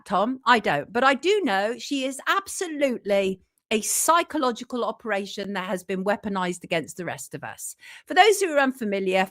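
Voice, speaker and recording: A woman hosting a casual live show, chatting warmly with her audience and reading out viewer comments in an animated way. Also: medium pitch, no echo, studio quality. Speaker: journalist and show host.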